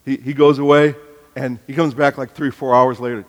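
A man's voice: medium pitch, level tone, moderate pace. Preacher man in a reverberant hall. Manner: storytelling with acted-out family dialogue, building to emphatic exhortation. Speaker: pastor. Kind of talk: sermon.

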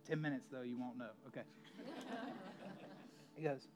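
A man's voice: medium pitch, a little fast, long pauses, a little mellow, muffled recording, faint music behind. A male pastor preaching a sermon in a conversational storytelling way, with emphatic asides to the congregation.

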